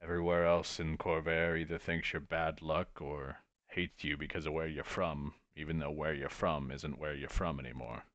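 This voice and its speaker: Name: shifter. Figure: a man playing a wistful shifter family man. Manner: nostalgic, rambling. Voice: very low, dry. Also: little pitch movement, normal speed, few pauses, a bit bright, no room sound, highs cut off. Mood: advising.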